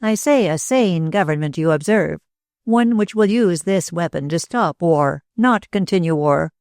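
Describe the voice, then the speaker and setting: Storybook part: a brooding little old inventor, grave and deliberate, read by a woman with a low voice. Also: expressive, a little mellow, no echo, studio quality. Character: older male inventor, small, brooding, intense.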